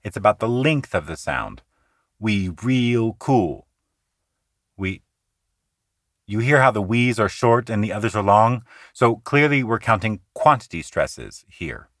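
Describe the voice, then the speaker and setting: A man hosting a poetry podcast, explaining meter in an earnest, conversational teaching manner that shifts between quick asides and slow, deliberate reading. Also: on the low side, very animated, a bit bright, dry recording, clean studio sound. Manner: earnest, explanatory, slows down to recite lines rhythmically.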